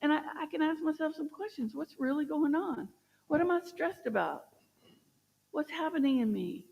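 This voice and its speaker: Woman minister, sermon, higher voice, encouraging, asks questions, long hall reverb. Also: moderate pace, gravelly, muffled recording. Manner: warm, gently encouraging, asks the listeners questions. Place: church sanctuary.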